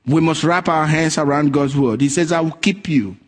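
Male preacher, slightly raised pitch, animated storyteller who voices his characters. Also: normal speed. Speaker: pastor. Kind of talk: sermon.

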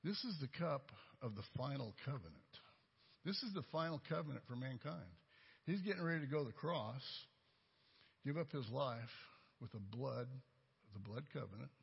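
A man preaches in a relaxed, folksy storytelling style, mixing personal testimony into his sermon. His voice is very husky and breathy, with a middling pitch. The recording sounds dull and lo-fi. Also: moderate pace. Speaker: lay preacher.

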